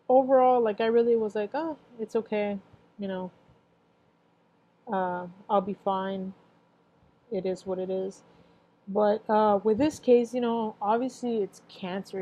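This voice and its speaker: A woman's voice: mid-range voice, mellow, rough recording. A young woman in her twenties telling her own story in a casual, rambling way, full of filler phrases and emotional at times. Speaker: cancer survivor sharing her story. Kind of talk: casual personal testimony.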